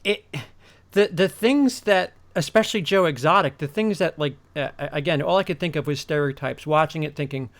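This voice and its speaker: A man hosting a casual online chat, talking in halting bursts with many restarts and repeated words. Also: a little high. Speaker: podcast host.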